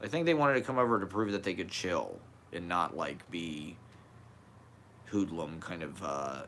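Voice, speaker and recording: Rambling low-voiced man with a slight lisp. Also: animated, measured pace, pushed and bright, a little hiss or hum. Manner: candid, swearing, laughs often, trails off. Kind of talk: rambling personal monologue.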